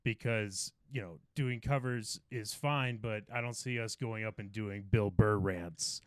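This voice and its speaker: A man's voice: fairly low pitch, unhurried, clean tone, dry recording. A man co-hosting a comedy podcast, rambling through a story and swearing and laughing as he goes. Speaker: podcast co-host. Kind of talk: casual comedy podcast chat.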